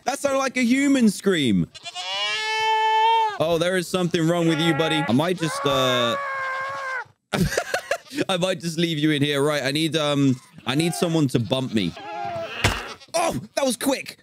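A man giving excitable Minecraft gameplay commentary, laughing often and talking to the game's animals. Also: fairly high pitch, a little slow, long pauses, heavy background noise. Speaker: gaming YouTuber.

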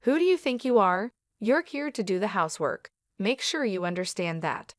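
A woman's voice: mid-range voice, very animated, normal speed, no room sound, clean studio sound, close to an everyday voice. Woman reading as a bossy, scolding husband. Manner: demanding and scolding. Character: cold, bossy young husband.

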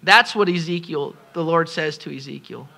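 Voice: medium pitch, moderate pace, gravelly, pushed and bright. A pastor preaching a sermon at a congregation service, impassioned and pleading, repeating phrases for emphasis.

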